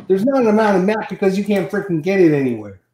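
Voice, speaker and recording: A man hosting a casual chat, rambling and animated as he tells stories. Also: high-pitched, fast talker, roomy sound. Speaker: host.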